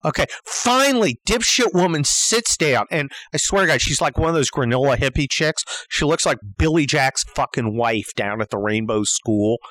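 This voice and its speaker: An older man telling a comedic story as a profane, exasperated rant, dropping to low mutters and jumping to yelled outbursts. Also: animated, moderate pace, hardly any pauses, no echo, low-quality recording.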